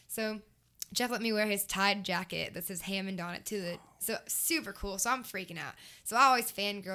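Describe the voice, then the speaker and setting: A young woman, a country singer, chatting as a guest and telling lively stories with acted-out quotes. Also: medium pitch, brisk. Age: young adult. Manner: enthusiastic storyteller, acts out quotes. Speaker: guest, country music artist. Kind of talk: casual interview chat. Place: race shop.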